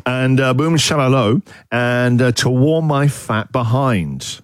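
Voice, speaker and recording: A man's voice: mid-range voice, slow. A man hosting a radio show, bantering playfully and chuckling often as he talks. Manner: jokey, chuckles often, lively delivery. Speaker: radio host. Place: radio studio. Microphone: studio microphone. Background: music bed under the talk.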